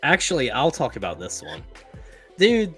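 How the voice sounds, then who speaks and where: Man, podcast host, casual, profane, laughs a lot, middle pitch, faint music behind. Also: huge pitch swings, moderate pace, a bit bright, husky. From East Tennessee. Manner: laid-back, profane, laughs often. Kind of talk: casual race-reaction chat.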